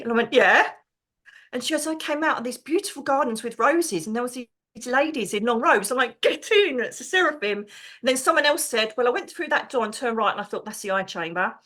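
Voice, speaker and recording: A middle-aged woman, a podcast guest, telling stories excitedly and chattily, acting out the voices of people she quotes. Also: a little high. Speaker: podcast guest, psychic medium. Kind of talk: animated storytelling.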